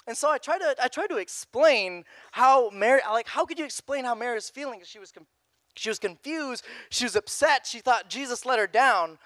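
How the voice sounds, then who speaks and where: A young man preaching a youth sermon in a casual, animated way, repeating phrases. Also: very high-pitched, normal speed, no echo. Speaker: youth pastor.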